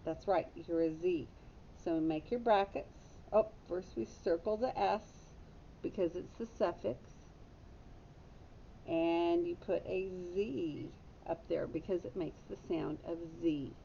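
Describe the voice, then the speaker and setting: A woman's voice: unhurried, vocal fry, dark tone. A woman teacher giving a patient phonics lesson to young children, stopping to correct her own slips. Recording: dull lo-fi audio with faint rumble.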